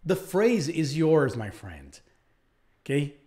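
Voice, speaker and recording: A man from Brazil teaching a live online English lesson, speaking slowly and repeating phrases for learners. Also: on the high side, sing-song, darkish tone.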